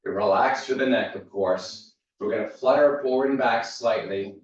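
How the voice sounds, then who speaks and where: A man's voice: on the low side, moderate pace. Guy coaching a stretch class from across a big echoey studio, kinda muffled. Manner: steady cueing, easygoing asides. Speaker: fitness instructor. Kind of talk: guided mobility class cueing. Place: large echoey fitness studio. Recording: echoey, distant, dull room sound.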